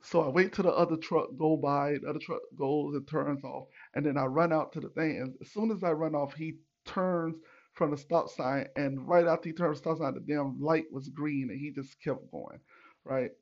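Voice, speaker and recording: Man, gravelly voice, slightly high, casual profane storytelling, lo-fi sound. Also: normal speed. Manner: animated, profane, retells with acted quotes. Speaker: podcast host.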